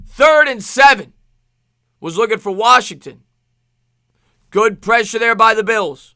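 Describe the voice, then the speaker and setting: A man with a New York accent streaming live play-by-play football commentary, excitable, with rhyming calls and thanks to chat viewers. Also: high-pitched, unhurried, long pauses, no room sound, clean studio sound. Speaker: sports streamer.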